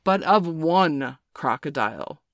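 A woman reading aloud plays a menacing pirate captain who drags out his words in a low, dark voice. He sounds brooding and theatrical, with sudden loud bursts. The storybook reading is close and dry. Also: expressive, no echo, full character voice. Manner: slow, dark, theatrical growl.

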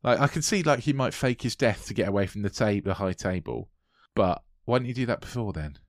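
A man's voice: on the low side, lively intonation, brisk, dry recording, clean studio sound. A man co-hosting a podcast, chatting casually about a film, laughing often and joking, trailing off mid-thought. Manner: giggly, jokey, trails off. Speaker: podcast co-host. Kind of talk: casual film review chat.

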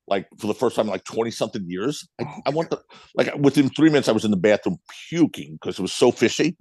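A middle-aged man with a Brooklyn accent, a guest telling blunt, animated stories with some swearing in a casual interview. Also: medium pitch, fast, husky, no room sound. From United States. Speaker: guest, club owner.

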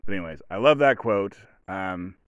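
Man, podcast host, low voice, rambling monologue, dry recording. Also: lively intonation, normal speed, clear, resonant tone, no echo, dull audio. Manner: rambling, retells movie scenes and acts out quotes. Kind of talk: casual solo podcast monologue.

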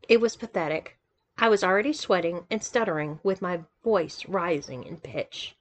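A woman narrating a first-person story in a measured, even reading voice. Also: fairly low pitch. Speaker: audiobook reader.

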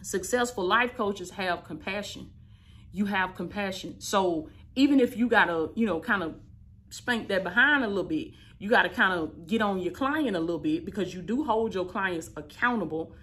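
A woman in her thirties, a life coach, giving an emphatic, repetitive motivational talk with an affectionate, preachy warmth. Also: medium pitch, expressive, moderate pace. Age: 30s. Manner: emphatic, repetitive, preachy, affectionate, calls listeners "baby" and "y'all". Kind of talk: motivational teaching talk to camera.

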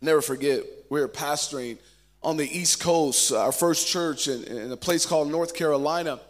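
A man preaching a sermon as pastor, telling stories and shifting between loud and hushed delivery. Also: on the high side, normal speed.

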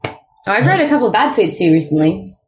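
A woman's voice: mid-range voice, big pitch swings, quick pace, darkish tone, soft background music. A woman co-hosts a casual podcast, mostly listening and dropping short remarks and questions. Her voice sits mid-range for a woman. The room around her is echoey. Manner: brief interjecting listener. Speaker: podcast co-host. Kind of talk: casual chat.

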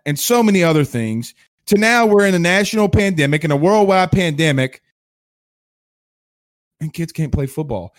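A man from Louisiana hosts a sports livestream in a fired-up, combative rant. His voice sits high for a man, and his tone is sarcastic. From Louisiana, USA. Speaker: sports show host.

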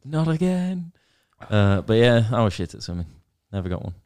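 A man's voice: medium pitch, very animated, moderate pace, a little mellow, smooth. A man co-hosting a podcast, chatting casually with dry, wry remarks. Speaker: podcast co-host. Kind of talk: casual chat.

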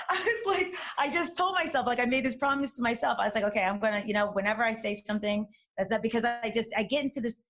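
A woman's voice: a little high, fast, hardly any pauses. Candid, talkative woman in casual chat. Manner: candid, animated, many restarts and fillers. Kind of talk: casual conversation.

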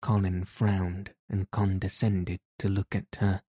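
Low steady guy reading a storybook aloud, slow pace, dry close sound. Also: breathy edge, dry recording. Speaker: audiobook narrator. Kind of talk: scripted narration.

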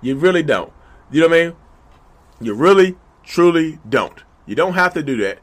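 A man hosting his own channel, talking straight to his viewers in a casual, animated way that often gets loud and hyped. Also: fairly high pitch, moderate pace. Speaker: YouTube channel host. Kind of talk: casual direct-to-camera talk.

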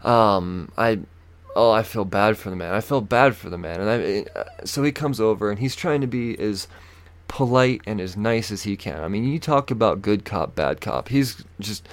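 A man's voice: mid-range voice, expressive, fairly quick. A young man hosting a podcast, telling a story in casual chat, swearing heavily and acting out other people in a raised voice. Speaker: podcast host.

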